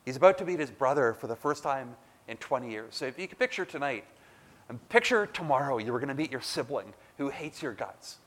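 A man's voice: fairly high pitch, fairly bright tone. Emphatic, conversational male preacher. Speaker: pastor. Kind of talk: sermon.

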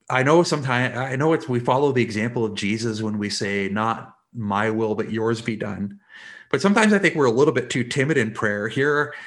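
A man's voice: mid-range voice, a bit bright. Earnest man preaching a sermon. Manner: earnest, explains scripture with everyday examples. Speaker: pastor.

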